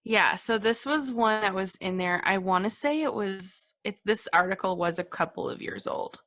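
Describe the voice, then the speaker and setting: A woman's voice: medium pitch, moderate pace, a bit bright. A young woman co-hosting a podcast, chatting casually and laughing often as she sets up a story. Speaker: podcast co-host. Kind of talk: casual chat.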